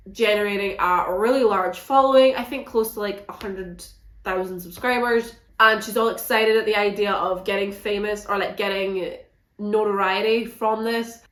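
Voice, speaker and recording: Frank, animated woman reviewing books. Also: mid-range voice, roomy sound. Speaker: book reviewer. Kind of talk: casual monthly book wrap-up vlog.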